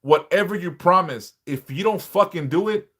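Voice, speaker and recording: Man, live-stream host, somewhat high voice, blunt, profane, lecturing, repetitive rhetorical questions. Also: moderate pace, a bit bright, slightly rough. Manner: emphatic, repeats points with rhetorical questions. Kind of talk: unscripted live-stream monologue.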